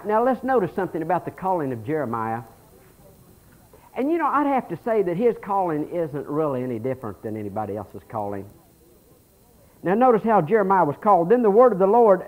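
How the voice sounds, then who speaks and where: A pastor preaching a sermon, telling folksy stories and reading scripture aloud with animation. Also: male voice, a little high, very animated, fast, narrow, tinny audio.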